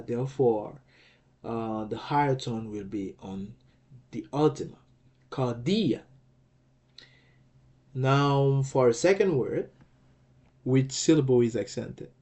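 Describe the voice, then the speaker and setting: A man gives a patient lecture on a language lesson, taking his time. He speaks at a slow, deliberate pace, sounding out words syllable by syllable and pausing to ask "okay?" along the way. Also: medium pitch, mellow. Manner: patient, repeats and checks with "okay?". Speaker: language teacher.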